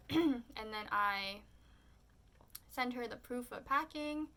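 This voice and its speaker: A young woman vlogger chatting casually through a story, full of "like"s, and she voices her own remarks in quotes with high squeals. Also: takes it slowly, pushed and bright.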